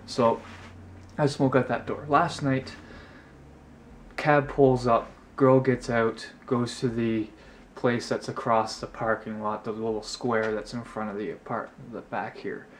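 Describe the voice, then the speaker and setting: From his apartment at night, a young vlogger tells his camera a story, chatty and exasperated as he rambles through the details and mimics others in a high voice. His delivery is flat and unhurried. The camera mic picks up a little hiss or hum.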